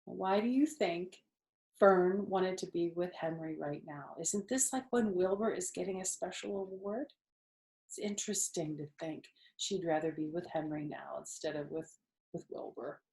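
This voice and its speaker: An older woman reading a children's book aloud, gently explaining words and asking questions. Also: fairly low pitch, normal speed, gravelly. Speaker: storytime host, children's book reader. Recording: roomy echo.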